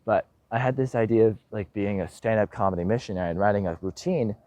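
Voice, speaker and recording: A young man in missionary training giving a casual vlog update, telling stories in an animated, self-deprecating way and acting out what people said. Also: lowish voice, quick pace, no echo, highs cut off. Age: young adult. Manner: animated storyteller, self-deprecating, acts out quotes.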